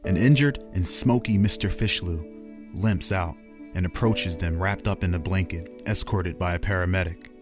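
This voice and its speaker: Man game master, low steady storyteller, music behind. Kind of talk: narrating a tabletop game. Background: background music.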